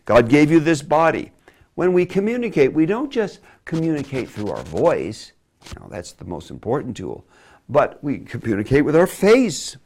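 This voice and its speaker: Animated man teaching like a preacher. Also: on the high side, normal speed. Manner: animated, emphatic delivery with sudden drops to a quiet voice. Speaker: preacher teaching public speaking. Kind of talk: preaching lesson on speaking.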